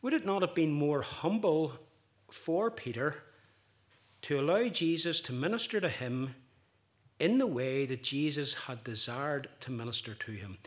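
A man preaching a sermon, impassioned, building louder and higher on key points and acting out quoted speech. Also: animated, a little slow. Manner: acts out quoted speech vividly.

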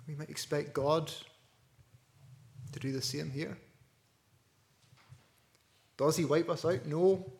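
Earnest preacher, hushed then loud. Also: male voice, a little high, takes it slowly, vocal fry, pauses often. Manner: earnest, with wide swings between hushed and loud. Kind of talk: sermon.

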